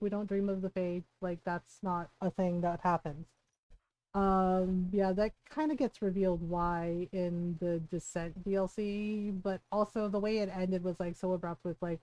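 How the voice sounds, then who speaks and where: A woman's voice: lowish voice, a little mellow, dry recording, low-quality recording. Chatty, giggly woman streamer. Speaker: game streamer. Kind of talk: live gameplay commentary.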